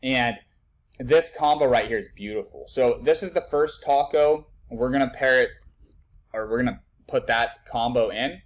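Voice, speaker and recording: Brief: young man, blunt and profane, casual live betting talk, mid-pitched voice. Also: moderate pace. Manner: blunt, profane, thinks aloud with numbers. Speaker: sports betting tipster.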